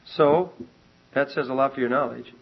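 A man preaching a sermon to a congregation, animated and emphatic, often restarting his sentences and rising to loud peaks. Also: medium pitch, moderate pace, vocal fry, breathy edge. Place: church meeting hall with congregation. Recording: muffled lo-fi recording.

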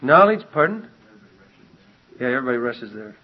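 A man preaching a sermon to a congregation, animated and emphatic, often restarting his sentences and rising to loud peaks. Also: mid-range voice, moderate pace, pauses often. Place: church meeting hall with congregation. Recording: muffled lo-fi recording.

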